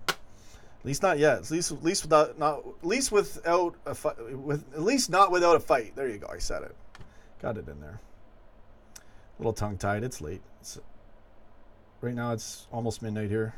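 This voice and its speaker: A man hosting a late-night fan livestream, rambling and animated as he reads viewer comments. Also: mid-range voice. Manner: rambling, animated, chuckling asides. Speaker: host of a fan call-in show.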